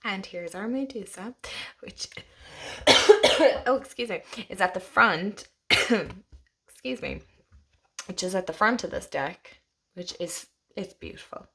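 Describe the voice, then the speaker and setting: A young Irish woman chatting casually as she walks through a tarot deck, gushing and laughing, sometimes dropping to a soft whisper. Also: medium pitch, expressive, slow, vocal fry, long pauses, breathy edge. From Ireland. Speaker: tarot channel host.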